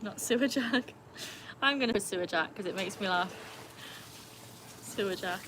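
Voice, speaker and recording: A young woman hosting a casual live stream by a pool at night. She chats, laughs often and calls to her dogs in a high sing-song voice. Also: background noise. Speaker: livestream host. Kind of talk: casual live-stream chat reading comments.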